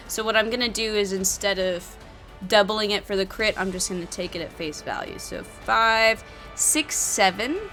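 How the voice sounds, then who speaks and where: Bright-voiced woman narrating a solo tabletop game. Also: medium pitch. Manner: counts dice aloud, flares into loud frustration. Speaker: solo adventure player and narrator. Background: faint background music.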